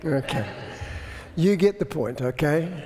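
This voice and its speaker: A man's voice: on the high side, animated, a little slow, mellow, slight background noise. Preacher man in an echoey church. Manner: explanatory, conversational, self-deprecating humor. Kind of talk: sermon. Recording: echoey hall.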